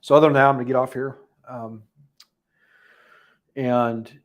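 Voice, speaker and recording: A man hosting a livestream recap, talking unscripted, halting and emotional with many restarts, audibly holding back tears. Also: mid-range voice, flat delivery. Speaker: livestream host giving a daily recap.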